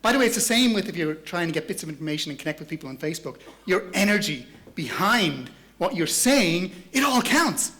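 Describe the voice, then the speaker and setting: A man's voice: sits high, big pitch swings, a little fast, hardly any pauses, pushed and bright. A man giving a playful, chatty motivational talk on stage to a large audience. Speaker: motivational speaker.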